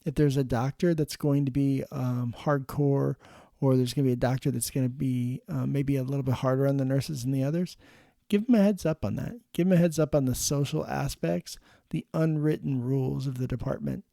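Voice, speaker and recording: A man's voice: mid-range voice, steady tone, fairly quick, vocal fry, dark tone, no echo, clean studio sound. A middle-aged man, an emergency nurse hosting a show, giving frank, plain-spoken advice in a casual monologue. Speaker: emergency nurse and podcast host.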